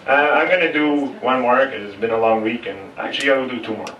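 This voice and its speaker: A man's voice: medium pitch, fast, a bit bright, dull audio. A middle-aged man, doing a blunt, swearing stand-up set that slips between English and French. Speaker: stand-up comedian. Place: comedy club stage. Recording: echoey club room, mic heard from a distance.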